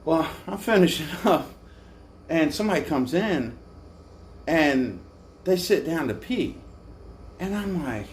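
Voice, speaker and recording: A tired motorcycle travel vlogger, short on sleep, casually tells a crude, profane, self-mocking story from his trip. His voice is a little high and expressive, and he takes it slowly, with a faint hiss in the background.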